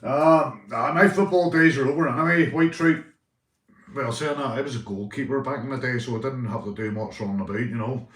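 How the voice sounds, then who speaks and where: Northern Irish male streamer, chatty and profane, mid pitch, roomy sound from a distance. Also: brisk. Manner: rambling, swearing, calls viewers mate. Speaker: livestreamer. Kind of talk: casual live stream chat.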